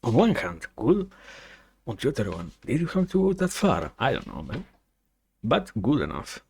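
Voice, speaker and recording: A man's voice: mid-range voice, huge pitch swings, moderate pace, gravelly, husky. A man streaming a racing game, chatting casually with viewers, rambling and correcting himself, swearing now and then. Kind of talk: casual gaming stream chat.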